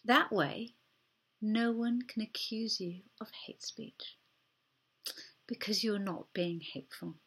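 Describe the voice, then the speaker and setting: A woman pastor delivers a sermon in an earnest, conversational manner. Her voice carries a slight huskiness and sits at a middle pitch. She slips into brief acted-out quotes as she makes her points. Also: slow pace, long pauses, a bit bright, breathy edge. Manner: conversational, earnest, acts out short quoted exchanges.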